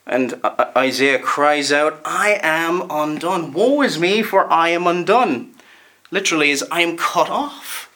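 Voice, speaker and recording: Man, Northern Irish accent, sermon, earnest, emphatic, slightly high pitch. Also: fairly bright tone. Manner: earnest, emphatic, slows down to stress key words. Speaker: preacher.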